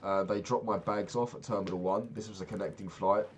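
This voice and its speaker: A man's voice: on the low side, brisk, a little hiss or hum. A young man casually telling a rambling, profane travel story as a vlogger. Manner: profane, rambling, animated retelling.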